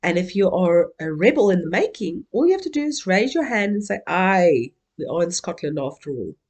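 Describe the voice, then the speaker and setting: A woman's voice: fairly low pitch, sing-song, a little fast, a little mellow. A woman from Africa, giving an interactive keynote and playfully coaxing the audience to join in. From South Africa. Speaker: keynote speaker.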